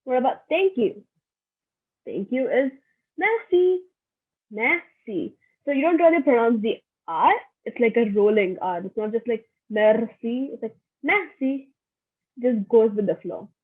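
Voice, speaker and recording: A woman's voice: on the high side, animated, slightly rough. Young woman teaching, thin phone-like audio. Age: young adult. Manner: chatty, repeats phrases slowly for practice. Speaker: French workshop teacher. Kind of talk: casual online language lesson.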